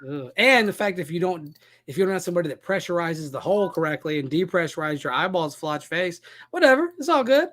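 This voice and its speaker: A man co-hosting a podcast in casual chat, joking and excitable, often cutting in. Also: on the high side, fast talker. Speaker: podcast co-host.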